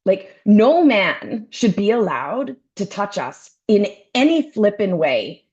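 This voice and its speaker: A woman co-hosting a podcast, telling a story with energy and acting out the other people's voices, with some throat-clearing. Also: mid-range voice, sing-song, takes it slowly, a little mellow, muffled recording. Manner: acts out voices in her anecdotes, keeps clearing her throat. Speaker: podcast co-host. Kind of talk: animated storytelling chat.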